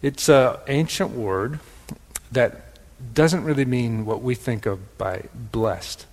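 A man with a Wisconsin accent giving a gentle, pondering spiritual teaching, often repeating words for emphasis. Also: mid-range voice, slow pace, big-room sound.

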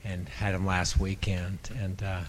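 A man's voice: sits low, completely flat delivery, a little slow. A man in a church group earnestly sharing a heartfelt experience.

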